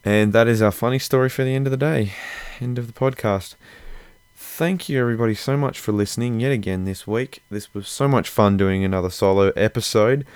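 A man's voice: medium pitch, fairly quick, a little mellow, clean tone, no echo. A man hosting a casual solo podcast, talking loosely and rambling. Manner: rambling, loose, many fillers. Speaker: podcast host.

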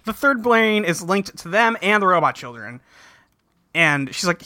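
A man's voice: high-pitched, animated, normal speed, sharp tone, no room sound. A man co-hosting a podcast, casually recapping a movie in a rambling way, swearing now and then. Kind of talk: casual chat.

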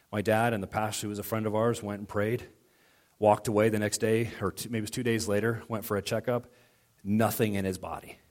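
A middle-aged male pastor preaching a sermon in a conversational way, telling personal stories and acting out quoted dialogue. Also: lowish voice.

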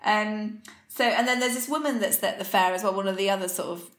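A woman chats casually as a podcast co-host, walking through an episode from her notes with lots of ums and likes. Her voice sits at an ordinary pitch and carries a noticeable roomy echo. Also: a little fast, a bit bright. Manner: chatty, recaps from her notes with filler words. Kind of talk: casual chat recapping a TV episode.

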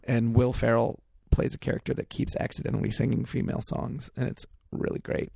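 Gravelly, mellow-voiced man chatting casually. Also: medium pitch, flat delivery, a little fast, no room sound, studio quality. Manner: rambling, enthusiastic storytelling with quoted asides. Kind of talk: casual chat.

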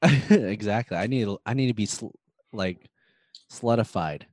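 A man's voice: lowish voice, unhurried, darkish tone, no room sound, clean studio sound. A man co-hosting a podcast, chatting casually about a movie and laughing often. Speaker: podcast co-host. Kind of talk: casual chat.

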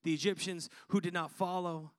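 A man's voice: high-pitched, steady tone, moderate pace, clear, resonant tone. A man preaching a sermon to his congregation, using repetition and call-and-response. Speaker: pastor.

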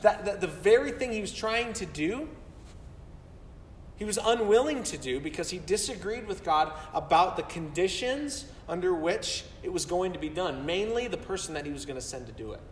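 A man preaching to his congregation, his voice pitched notably high. He speaks earnestly and doubles back on words when he presses a point. The sound comes from a distance and rings through a large, reverberant sanctuary. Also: animated, moderate pace, a little hiss or hum. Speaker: pastor. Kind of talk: sermon. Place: church sanctuary. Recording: roomy hall from far off.

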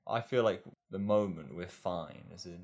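Low-voiced and darkish in tone, a man co-hosting a podcast chats casually at normal speed. His musing is hesitant, and he tends to repeat words.

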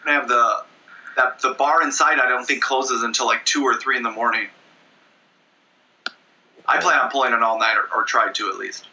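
A man's voice: mid-range voice, a little fast, long pauses, sharp tone. A man co-hosting a podcast, teasing and needling with dry questions. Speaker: podcast co-host. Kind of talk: casual podcast banter. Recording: dull lo-fi mic with faint hiss.

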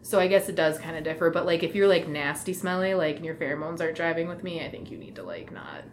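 A woman's voice: low-pitched, expressive, quick pace, a little hiss or hum. A woman talking candidly in a casual podcast chat, giggling and trailing off into mumbles. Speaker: guest.

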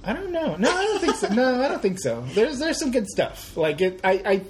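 A woman co-hosting a podcast, chatting casually with halting restarts and playful teasing. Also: fairly high pitch, very animated, noisy background. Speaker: podcast co-host. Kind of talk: casual chat.

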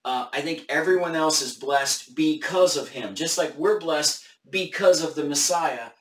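A man's voice: a little high, measured pace, reverberant, distant mic. A man hosting a casual Bible study discussion live on camera, thinking aloud with hesitant restarts.

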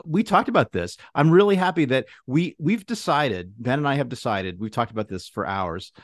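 A man co-hosting a casual podcast chat, teasing with dry, deadpan humor. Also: medium pitch, moderate pace, no echo. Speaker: podcast co-host.

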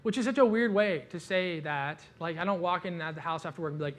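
A man delivers a sermon in a relaxed, chatty way. He talks on a slightly high pitch and keeps things lively with joking asides and loose fillers. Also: fast talker, hardly any pauses. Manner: casual, animated, joking asides, frequent "like". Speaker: pastor. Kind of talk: conversational sermon.

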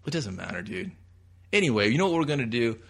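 Male co-host, foul-mouthed and jokey, animated delivery. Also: medium pitch, fast talker. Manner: profane, joking, acts out voices. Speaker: podcast co-host. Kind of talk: casual crude comic chat.

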